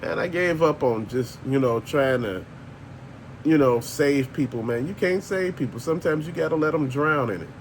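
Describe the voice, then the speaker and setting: A man's voice: fairly high pitch, moderate pace. Blunt older man ranting, faint hum. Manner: blunt, profane, slangy, laughs often. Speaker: channel host. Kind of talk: casual ranting monologue.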